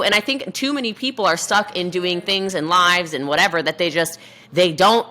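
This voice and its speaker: A woman guest on a podcast interview, talking fast and animated, acting out quoted voices. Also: on the low side. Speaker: podcast guest, network marketer. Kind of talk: energetic interview talk.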